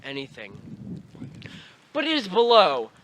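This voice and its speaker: A young man clowns his way through a pretend news report outdoors in the snow, his voice high and swinging up and down. He talks slowly and playfully. Outdoor noise fills the handheld camera recording. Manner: goofy, playful, lively. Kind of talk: joking mock news report.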